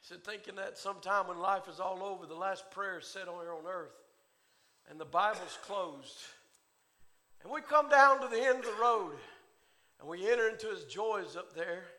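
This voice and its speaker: High, bright-voiced fiery preacher man. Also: moderate pace. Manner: swings from hushed to shouting, rhythmic preaching cadence. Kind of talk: Pentecostal-style sermon.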